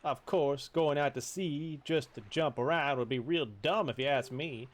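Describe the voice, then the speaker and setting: A man voicing a chatty talking fish that gives sailing tips in a teasing, quick way. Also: a little high, lightly acted.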